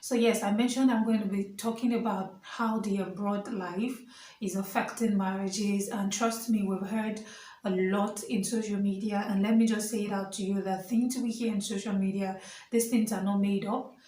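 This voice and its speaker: A woman's voice: mid-range voice, fairly even intonation, normal speed, warm tone, far from the mic, faint music behind. Chatty Nigerian woman vlogger, roomy sound. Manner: chatty, earnest, many fillers and asides. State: standing while filming. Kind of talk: casual vlog talk to camera.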